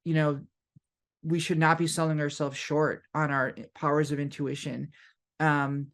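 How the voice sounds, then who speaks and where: Man, slightly higher voice, casual rambling talk, lots of fillers. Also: flat delivery, unhurried, a bit bright. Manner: rambling, frequent "like" and "you know". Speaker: podcast co-host. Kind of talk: casual chat.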